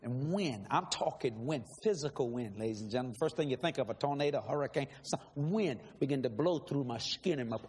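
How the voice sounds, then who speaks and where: A man's voice: medium pitch, animated, a little fast, few pauses, darkish tone. A man preaching a sermon, telling a personal testimony in a dramatic, emphatic way and laughing often. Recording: long hall reverb, faint background hiss.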